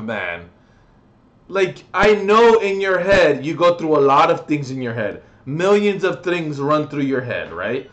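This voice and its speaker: A man's voice: a little high, animated, moderate pace, fairly bright tone. A young adult man vlogging a comedic, profane rant reviewing music, mocking and exasperated.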